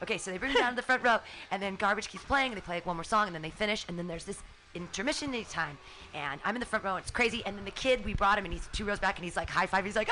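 A woman in her forties, from California, co-hosting a radio show and telling a story in a lively way. She laughs often, swears casually and acts out her own shouting. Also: medium pitch, very noisy. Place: small radio studio.

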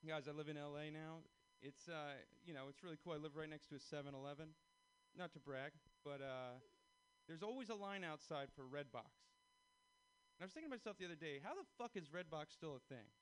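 A man's voice: fairly high pitch, fairly quick, clear, resonant tone, low-quality recording. A young man performing a stand-up comedy set, talking animatedly and acting out other people's lines.

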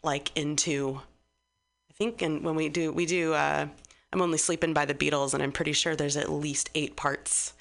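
A woman's voice: sits low, steady tone, moderate pace, creaky. A woman in her thirties chatting enthusiastically as a radio guest, rambling and restarting as she goes. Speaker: guest musician. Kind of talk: casual radio chat.

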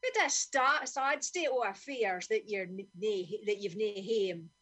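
A woman's voice: medium pitch, unhurried, fairly bright tone, voice pushed down. A woman voicing a cheeky, boastful but kind male seagull, speaking in a broad Doric Scots accent. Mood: chiding.

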